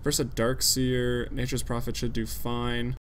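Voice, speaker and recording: A man's voice: mid-range voice, monotone, unhurried, slight background noise. A man casting an esports draft alone, talking casually and analytically with frequent fillers. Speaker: esports caster. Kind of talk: solo play-by-play commentary.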